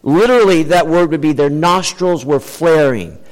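A man preaching a sermon in an animated, emphatic way, changing his pace for effect. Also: on the high side, normal speed. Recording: long hall reverb.

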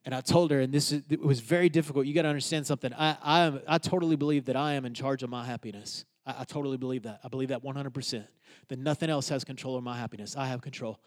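A man who is a pastor telling a personal story in a sermon, moving between loud, emphatic lines and quiet, hushed ones. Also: mid-range voice, fairly even intonation, fast.

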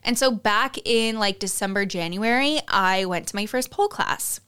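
Smooth-voiced woman podcaster, chatty and candid. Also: medium pitch, normal speed, fairly bright tone. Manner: chatty, candid, swears freely, many "like" fillers; confiding, addresses listeners directly. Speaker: podcast host. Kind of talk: casual solo podcast storytelling.

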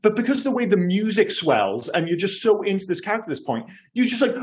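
A man's voice: fairly high pitch, big pitch swings, fast talker, few pauses. Man chatting eagerly about films. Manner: enthusiastic, acts out lines from films. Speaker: podcast co-host. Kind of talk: casual film discussion.

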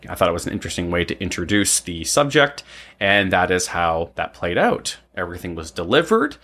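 A man's voice: sits low, sing-song, fairly quick, bright, forceful tone. A man of about forty telling a personal story in a casual, rambling way, often asking "right?" between thoughts. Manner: rambling, frequent "um" and tag "right?".

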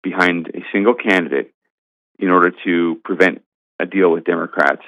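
A man with a very deep voice makes his case firmly and emphatically as a guest commentator. His voice is dry and tinny, as if coming down a phone line. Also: moderate pace, dry recording. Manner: emphatic, argumentative. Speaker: guest commentator, senior editor. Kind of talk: political commentary interview.

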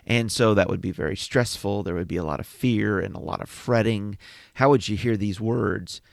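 A man's voice: fairly low pitch, normal speed, creaky, dry recording, clean studio sound. A man co-hosting a conversational Bible discussion, reflective and affirming as he pictures the scene. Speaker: Bible study podcast co-host.

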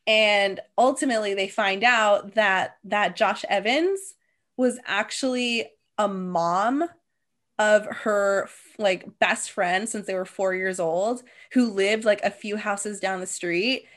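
A young adult woman co-hosts a podcast, telling stories in relaxed conversation and using "like" constantly. Her voice is medium-pitched, a little bright, and slow.

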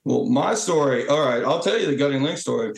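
A man, a military veteran and podcast guest, telling profane war stories in a lively, animated way and acting out the quotes. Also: medium pitch, brisk, gravelly. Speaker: guest, Marine Corps veteran. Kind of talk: casual profane storytelling. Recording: roomy echo.

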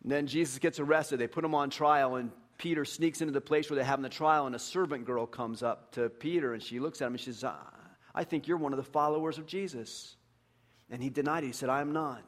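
A man's voice: mid-range voice, fast, hardly any pauses. A man preaching a sermon in a conversational storytelling way, acting out the voices of the characters in his stories. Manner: animated, acts out voices, conversational.

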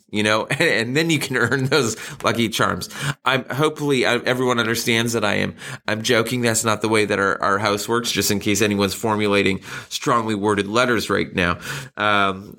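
A man's voice: medium pitch, sharp tone. A middle-aged man giving a sermon in a conversational, self-deprecating way, with frequent restarts and light laughs. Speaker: pastor.

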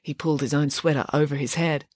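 A woman narrating a children's storybook in an expressive, lively way. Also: deep voice, quick pace, no echo, clean studio sound. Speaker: audiobook narrator.

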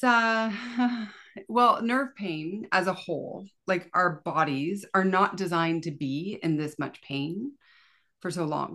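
A woman from Canada, a podcast guest, talking in a casual, animated way full of "like" fillers. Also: on the low side. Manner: animated, chatty, lots of fillers like "like". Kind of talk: casual conversational interview.

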